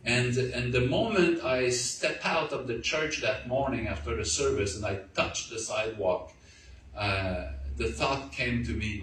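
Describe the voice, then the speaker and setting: A male guest speaker gives a halting testimony to a church audience, telling his story earnestly and repeating words. His mid-range voice has a fairly bright tone. The recording is roomy, captured far from the mic in a large hall, with faint noise.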